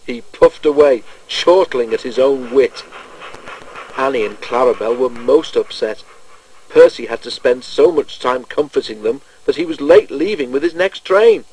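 A man reading a children's railway storybook aloud in a measured, gentle storytelling manner. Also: mid-range voice, expressive, breathy edge, rough recording. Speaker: narrator.

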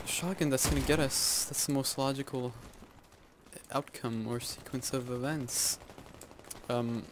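A man giving live gameplay commentary, excitable and self-mocking, yelping and groaning as he plays. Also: mid-range voice, a little slow, noisy background. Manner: excitable, yelps and groans at in-game deaths; self-mocking, joking asides. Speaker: video game YouTuber. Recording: loud game gunfire under the voice.

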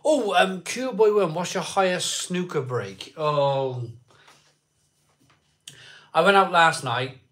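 A man's voice: on the high side, animated, slow, long pauses, fairly bright tone. A man chatting casually with viewers on a live beer stream, greeting people by name and rambling between topics. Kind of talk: casual chat reading live comments.

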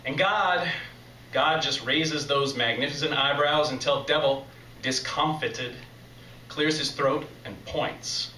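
A man's voice: on the high side, slow pace, pushed and bright, a little hiss or hum. A man performing an essay on stage, telling a story in a folksy, preacher-like way to a live audience. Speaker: reader at a live essay competition. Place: live reading venue with audience. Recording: echoey live club from a distance.

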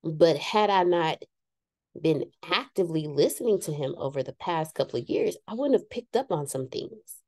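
A woman speaks to a gathered group in a candid, self-mocking motivational talk. Her voice is mellow and warm, with a close, dry sound. She sometimes slips into the voices of the people she quotes. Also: deep voice, expressive, normal speed, no echo. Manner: frank and self-deprecating, acts out quoted voices. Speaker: speaker addressing a live group.

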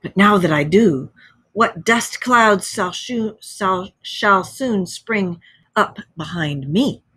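A woman's voice: mid-range voice, expressive, takes it slowly, fairly bright tone, breathy edge, dry recording, heavily acted. A woman reading aloud, voicing a vain male toad who murmurs dreamily, lost in a trance. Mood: entranced. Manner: murmuring, entranced.

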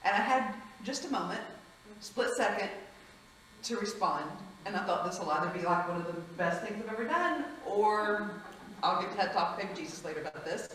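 A woman, a former hospice chaplain, telling stories in a lively, frank conference talk and acting out the voices of the people she quotes. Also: mid-range voice, fairly quick, a little hiss or hum. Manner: lively, frank, laughs often, acts out quotes. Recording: echoey hall, mic at a distance.

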